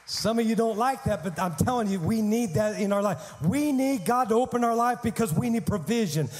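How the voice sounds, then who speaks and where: A male pastor delivers a sermon with animated storytelling and humor. His voice is high and carries a long reverb through a large sanctuary. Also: brisk, a little hiss or hum.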